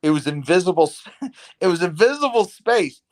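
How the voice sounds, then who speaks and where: A man's voice: sits high, very animated, normal speed. A man in his fifties hosting a podcast over a video call, talking in a rambling, enthusiastic way that jumps between topics. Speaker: podcast host. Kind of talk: casual video-call chat.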